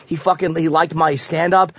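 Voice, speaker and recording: A man's voice: a little high, flat delivery, normal speed, a bit bright, slightly rough, dry recording. Self-deprecating man in his forties. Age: 40s. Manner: self-deprecating, stammering restarts, profane. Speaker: comedian and show regular. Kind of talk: casual radio banter. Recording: dry, slightly muffled studio sound.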